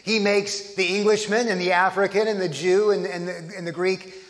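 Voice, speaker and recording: A man's voice: high-pitched, fairly even intonation, normal speed, fairly bright tone, in a large hall. A man from Texas, preaching a conversational sermon as pastor, often restarting his phrases.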